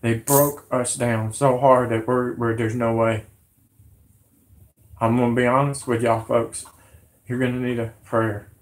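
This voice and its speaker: A man with a drawl whose voice is hoarse and worn from illness. He rambles to his viewers, agitated and pleading, circling back over the same words again and again. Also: medium pitch, level tone, a little slow, pauses often. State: hoarse, sick voice. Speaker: conspiracy vlogger. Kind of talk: rambling monologue to camera.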